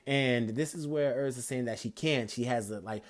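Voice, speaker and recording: A man's voice: medium pitch, moderate pace. A young man improvising a fan-fiction story in a rambling, casual way, full of fillers and self-corrections.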